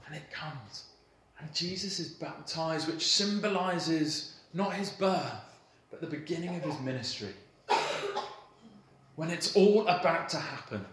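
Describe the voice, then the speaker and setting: A man in his thirties, a pastor, giving a sermon in a church hall with a warm, playful storytelling manner and light laughter. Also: on the high side, measured pace, slight background noise. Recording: roomy hall echo, faint ambience.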